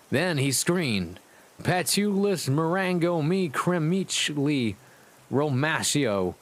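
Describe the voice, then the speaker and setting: A man putting on a surly gothic teen girl with a put-on American Southern accent, reading fan fiction aloud in a slow, drawn-out drawl as a comic dramatic reading. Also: mid-range voice, expressive. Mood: snippy. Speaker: streamer.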